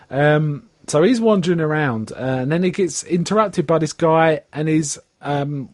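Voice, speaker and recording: A man's voice: moderate pace, few pauses, dry recording, studio quality. A man recapping a TV episode in casual chat, acting out the characters' lines as he goes. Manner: animated retelling, pitching up for quoted characters. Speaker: podcast host.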